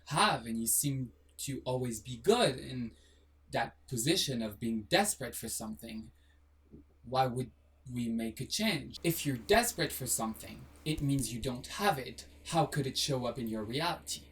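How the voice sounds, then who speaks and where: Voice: medium pitch, fairly bright tone, distant mic. A video host giving a blunt, sassy motivational monologue to camera, firing rhetorical questions and dropping casual swears. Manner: swears casually, apologizes jokingly.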